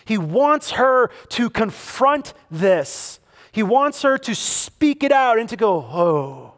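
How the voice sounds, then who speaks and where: High-voiced pastor preaching conversationally. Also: male voice, a bit bright. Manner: conversational preaching with emphatic repetition. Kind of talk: sermon. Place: church service.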